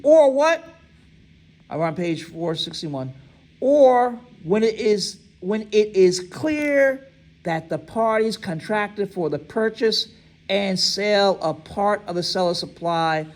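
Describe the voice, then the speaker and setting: On a low-quality recording, a man with a high-pitched voice teaches a lecture class. He reads text aloud, quizzes students by having them fill in missing words, and often checks in with "right?"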